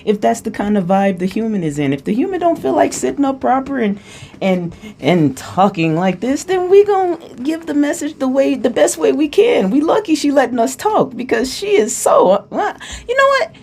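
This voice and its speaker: A woman giving a casual channeled spiritual talk, playful and chatty, who often checks in with her listeners and at times eases into a hushed, calming voice. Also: high-pitched, moderate pace, gravelly, slightly rough. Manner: playful, chatty, asks "you get what I'm saying".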